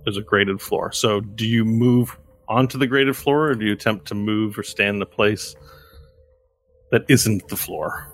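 A man's voice: on the low side, a little slow. A man narrating a tabletop game as game master, describing scenes loosely, with casual asides.

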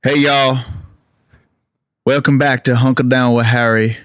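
Man doing a molasses-slow Southern crooner drawl, dry close mic. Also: mid-range voice, fairly even intonation, dry recording, close to an everyday voice. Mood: smooth.

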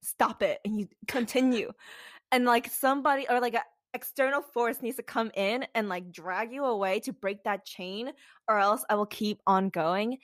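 A lively, blunt woman in her twenties co-hosts a candid, casual podcast, speaking at a moderate pace with no echo. She's animated, swears freely, and acts out what other people say with big jumps in pitch.

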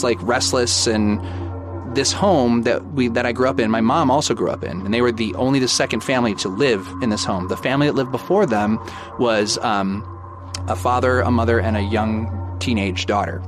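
A man's voice: medium pitch, moderate pace. A man in his thirties casually telling a personal ghost story, acting out the back-and-forth dialogue. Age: 30s. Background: background music.

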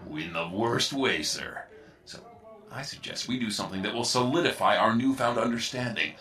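A man's voice: medium pitch, moderate pace, pushed and bright, distant mic, close to an everyday voice. An actor voicing a scheming male computer that fawns falsely over his captain. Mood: fawning. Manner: oily, fawning, sinister.

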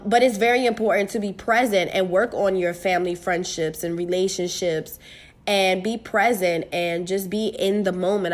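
A young woman from the United States hosting her own podcast, talking casually and candidly, swearing freely and getting animated. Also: on the low side. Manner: candid, profane, animated with bursts of laughter. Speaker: podcast host. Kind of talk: casual solo podcast chat.

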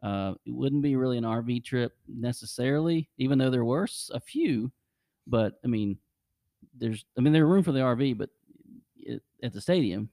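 A man's voice: mid-range voice, moderate pace, dark tone, no echo, studio quality. A man hosting a podcast, rambling casually through travel stories and chuckling often. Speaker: podcast host. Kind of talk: casual chat.

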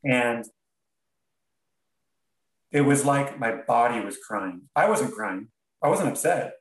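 A man, a podcast guest, telling a personal story in an earnest, halting way with many restarts. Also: mid-range voice, animated, reverberant, distant mic, low-quality recording. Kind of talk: reflective storytelling.

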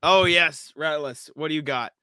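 A man's voice: fairly high pitch, normal speed, sharp tone, dry recording, clean studio sound. A man co-hosting a casual sports podcast over a remote call, laughing easily and thinking on the spot. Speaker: podcast co-host. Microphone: remote call, muted at times.

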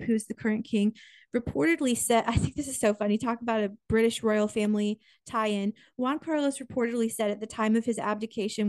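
A woman's voice: on the high side, no echo, clean studio sound. A woman co-hosting a podcast, chatting casually about royal news with lots of restarts and asides. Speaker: podcast co-host.

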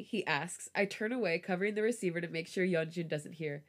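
A woman reading a romance story aloud on a podcast, with a relaxed storytelling voice. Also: fairly low pitch, fairly quick, few pauses. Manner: laughs often, giggly reactions. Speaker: podcast host reading fan fiction aloud.

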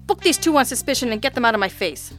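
A loud, exasperated police lieutenant barks and blusters at the two suspects across the interview table, as a woman reader puts him on. His voice is raised and pushed, testy and short of patience. Faint music plays under the reading. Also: medium pitch, animated, fairly quick, natural voice. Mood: bellowing. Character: gruff blustering male homicide lieutenant. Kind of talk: audiobook character voice.

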